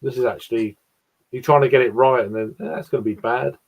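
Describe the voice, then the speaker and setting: A man's voice: mid-range voice, fairly even intonation, fast, creaky, noisy background. Stammering British man on a video call. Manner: self-deprecating, stammering restarts, swears. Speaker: guest on a livestream. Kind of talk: casual banter.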